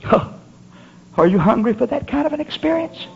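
High-pitched guy preaching hard, rhythmic, gets shouty, dull old tape sound. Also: big pitch swings, quick pace, vocal fry, husky. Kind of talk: sermon. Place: church service. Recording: muffled lo-fi recording.

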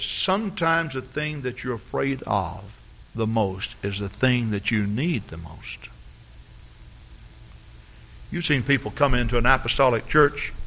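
A pastor preaching a sermon with dramatic storytelling and big swings in loudness. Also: male voice, mid-range voice.

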